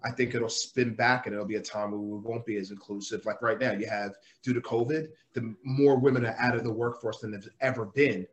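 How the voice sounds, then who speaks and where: A man's voice: medium pitch, fairly even intonation, brisk, hardly any pauses. A man on a podcast giving his opinion in an earnest, matter-of-fact way. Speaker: podcast guest. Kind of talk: casual chat.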